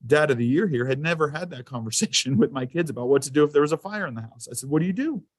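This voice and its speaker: A man's voice: mid-range voice, quick pace, no room sound. Man telling stories in a dry room. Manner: conversational storytelling with fillers. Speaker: school safety presenter. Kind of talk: anecdotal presentation to a council.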